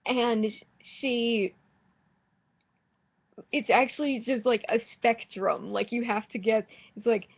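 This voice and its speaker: This woman, a gaming vlogger, gives a meandering, casual running commentary on her game in a fairly high voice, full of deadpan sarcasm, frank cursing and false starts. She takes her time. The sound is a bit muffled and low-fidelity, like a budget home microphone.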